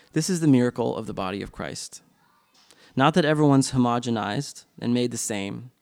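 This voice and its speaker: Man, church class teacher, gravelly creaky voice, casual unscripted talk, frequent ums and restarts. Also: mid-range voice, darkish tone. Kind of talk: leading a church class discussion.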